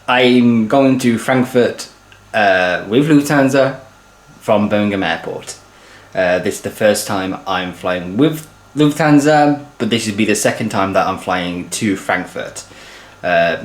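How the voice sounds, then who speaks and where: Chatty man, low voice, roomy echo. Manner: chatty, lots of uh fillers. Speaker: aviation vlogger. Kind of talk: casual travel vlog to camera. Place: airport.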